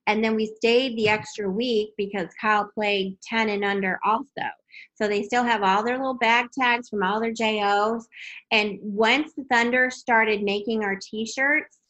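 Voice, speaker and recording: Mom reminiscing. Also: female voice, fairly high pitch, steady tone, measured pace, a bit bright, dull audio. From Texas. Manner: reminiscing, repeats words when starting sentences. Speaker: parent of water polo players. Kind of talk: casual podcast chat.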